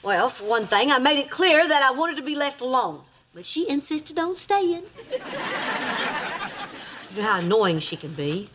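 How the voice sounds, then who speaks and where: A woman's voice: high-pitched, big pitch swings, moderate pace, pauses often, very noisy. An actress playing a blunt, sarcastic middle-aged mother in a sitcom, with dry wisecracks. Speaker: sitcom lead. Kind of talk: sitcom acting.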